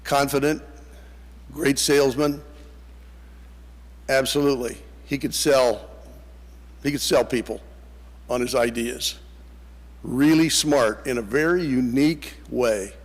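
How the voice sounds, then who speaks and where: An older man gives a reflective memorial tribute at an unhurried pace. His voice is mid-pitched. The sound rings with the long reverb of a church sanctuary. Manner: reflective, unhurried, repeats key words. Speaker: eulogy speaker.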